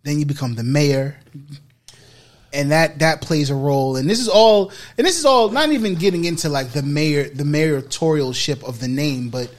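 Higher-voiced male interviewer. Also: normal speed. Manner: prompting questions, conversational. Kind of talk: casual interview.

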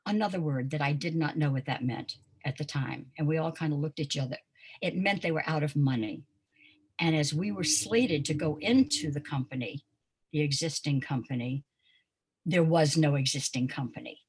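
A low-pitched, dark, husky voice belongs to an older Pensacola, Florida woman who teaches dance. Talking at normal speed as a guest in a conversational interview, she reminisces and tells stories, often saying um and uh.

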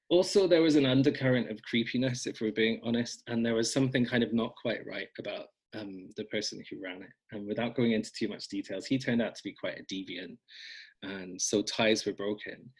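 A folk magic blogger appears as a podcast guest in a casual interview chat, his medium-pitched voice carrying a breathy edge over poor audio. He rambles, puts himself down, and says "um" a lot.

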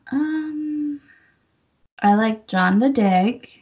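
A woman's voice: fairly high pitch, expressive, extremely slow, highs cut off. A woman co-hosting a book podcast, chatting casually and laughing often as she talks through the story.

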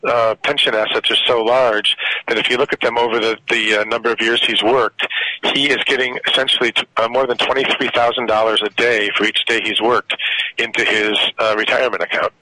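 Bright-voiced man explaining policy on radio. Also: medium pitch, flat delivery, fairly quick, rough recording. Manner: earnest, explanatory, many fillers. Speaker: policy researcher guest. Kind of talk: radio interview.

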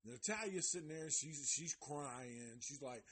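A man with a husky, fairly high voice takes his time, speaking unhurriedly with few pauses. He hosts a live review of a documentary series, recounting a story loosely and profanely with plenty of slang, heavy swearing and exaggerated impressions of the people in it.

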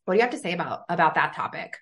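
A woman's voice: on the low side, animated, racing, fairly bright tone. A woman hosting a faith and business podcast, talking in an enthusiastic, chatty way full of "like". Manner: enthusiastic, chatty, uses many fillers like "like". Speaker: podcast host. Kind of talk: casual podcast conversation.

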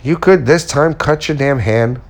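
A man's voice: mid-range voice, measured pace. A man who works as a custom furniture maker, giving a blunt, slangy motivational talk and swearing casually as he goes.

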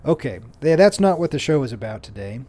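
A man's voice: mid-range voice, sing-song, fairly quick, warm tone. A man hosting his own show, chatting casually and rambling with lots of restarts and playful self-mocking humor. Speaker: podcast host. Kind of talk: casual solo storytelling.

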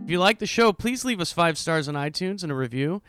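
A man's voice: fairly high pitch, animated, fairly quick, loud music behind the voice. A man co-hosting a podcast who chimes in with jokes and questions in casual chat. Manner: chatty, joking listener who chimes in. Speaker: podcast co-host.

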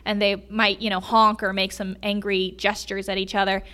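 A woman's voice: mid-range voice, level tone, moderate pace, bright, forceful tone. A woman guesting on a podcast, telling enthusiastic stories about animals and laughing as she goes. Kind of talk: casual storytelling chat.

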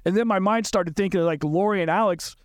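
A middle-aged man telling a painful personal story on a podcast, halting and repeating himself, his voice climbing when he gets upset. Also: sits high, no room sound, studio quality. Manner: halting, repeats and restarts words, rises sharply when upset. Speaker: podcast guest recounting events. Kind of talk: emotional personal recollection.

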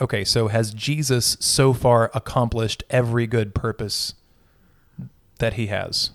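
A man's voice: medium pitch, fairly even intonation, a little slow, dry recording, studio quality. A man who is a pastor, in a casual conversation about faith, thinking aloud and often correcting himself.

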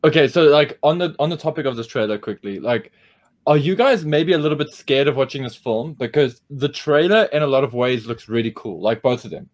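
Excitable chatty man, filler-heavy. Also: mid-range voice, fairly quick. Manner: excitable storyteller, lots of fillers. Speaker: podcast co-host. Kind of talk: casual chat.

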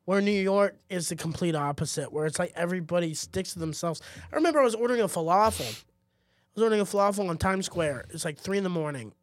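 A man with a slightly high voice tells animated stories in a casual podcast chat. He jumps into the voices of the people he quotes. The sound is close and dry. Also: fast, no room sound. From Austin, Texas. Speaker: podcast co-host.

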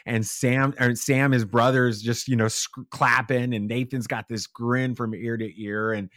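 A man, a father and podcast guest, telling a story in a casual, animated way and acting out the quotes. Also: medium pitch, normal speed, dry recording, clean studio sound. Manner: animated, acts out quotes with shifting voices.

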